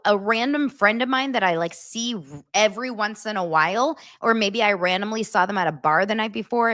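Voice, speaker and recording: A woman hosting a casual true-crime commentary, talking fast with a sarcastic, incredulous edge. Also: fairly high pitch, fairly bright tone, no echo, studio quality. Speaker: commentary host.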